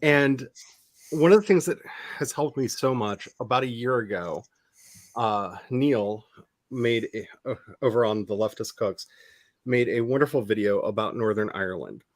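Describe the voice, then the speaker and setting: Casual podcast co-host, man, rambling, middle-pitched, dry studio sound. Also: normal speed, dry recording. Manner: rambling, self-reflective, with restarts. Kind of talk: casual chat.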